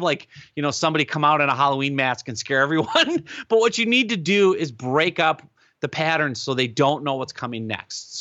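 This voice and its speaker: A man being interviewed, giving advice in an animated, emphatic way and often checking in with "right?". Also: a little high, dry recording, lo-fi sound. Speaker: guest expert on webinars.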